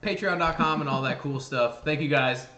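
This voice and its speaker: A man's voice: on the high side, moderate pace, bright, forceful tone. A man co-hosting a casual live show, telling stories animatedly, acting out voices and laughing often. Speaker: podcast co-host. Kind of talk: casual chat. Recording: echoey room with faint noise.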